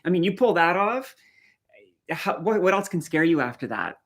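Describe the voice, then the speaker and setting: A woman's voice: fairly low pitch, animated, moderate pace. A middle-aged woman from the Canadian Maritimes with a faint Maritime accent, chatting casually on a live stream and answering viewer comments as she goes.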